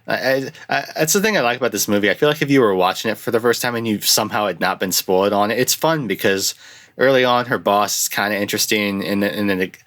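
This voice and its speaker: A young man hosting a casual film review, rambling and restarting often, with lively jumps into quoted lines. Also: fairly low pitch, fast. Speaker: podcast host reviewing films. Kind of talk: casual chat.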